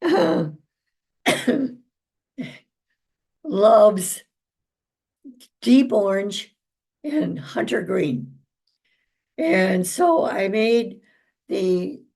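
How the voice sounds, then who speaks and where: A woman's voice: mid-range voice, creaky, husky. An older woman, a traditional naturopath, chatting homily in a casual vlog about family, her garden and home remedies. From United States. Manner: chatty, homey, with fillers and warm asides.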